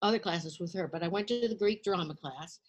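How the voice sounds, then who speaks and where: Older woman, actress, husky voice, animated storyteller, interview chat. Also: lowish voice, brisk. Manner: lively storyteller, acts out quotes.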